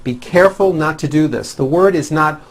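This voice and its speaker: Slow, exaggerated demonstrations of sounds make up this scripted lesson, where a man with a voice on the high side teaches English pronunciation.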